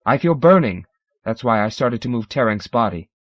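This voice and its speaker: A man's voice: mid-range voice, lively intonation, moderate pace, no room sound, muffled recording, close to an everyday voice. A male narrator voicing a female wind-dwelling alien who speaks urgently. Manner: urgent, pleading.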